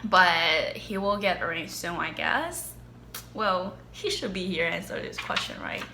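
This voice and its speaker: A young woman from China with a Chinese accent, chatting casually in a question-and-answer vlog, animated and quick to laugh. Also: on the low side, roomy sound, noisy background. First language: Mandarin Chinese. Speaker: vlogger. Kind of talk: casual Q&A chat.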